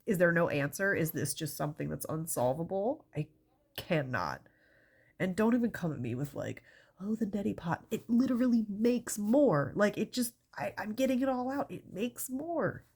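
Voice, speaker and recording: A woman's voice: medium pitch, animated, moderate pace, a little mellow, husky. A woman with a stuffy, congested nose, doing a stand-up comedy bit in an exasperated, rambling way, swearing often.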